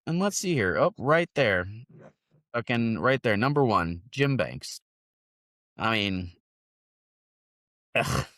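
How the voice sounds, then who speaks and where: A man's voice: lowish voice, very animated, takes it slowly, pauses often, pushed and bright, no room sound, clean studio sound. A man co-hosting a podcast, ranting profanely and mocking people with sarcastic voices, his sinuses stuffed and sniffling. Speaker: podcast co-host. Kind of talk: profane political rant. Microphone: separate remote mic.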